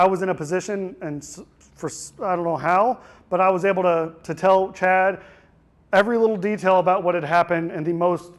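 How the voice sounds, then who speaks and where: High-voiced man giving raw testimony. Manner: raw, emotional storytelling with frequent restarts. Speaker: keynote speaker. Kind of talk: personal testimony speech. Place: conference hall.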